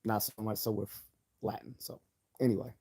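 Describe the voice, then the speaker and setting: Guy on a live stream reading news and ranting, low warm voice, keeps cutting himself off. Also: level tone, moderate pace, gravelly, husky. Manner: chatty, self-interrupting, opinionated asides. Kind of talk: casual live stream commentary, reading an article aloud.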